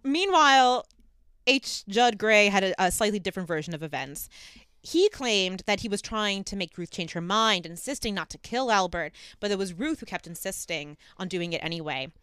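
A woman co-host talks through a true crime story in a loose, chatty way, dropping ums as she goes. Her voice is smooth and resonant at a middle pitch. The recording is close and dry. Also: animated, normal speed, a bit bright, no echo. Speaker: podcast co-host. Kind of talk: casual chat retelling a true crime case.

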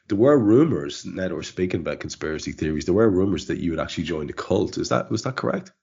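A man's voice: low-pitched, animated, normal speed, husky, dull audio. A male podcast host in casual chat, rambling and teasing, with many fillers.

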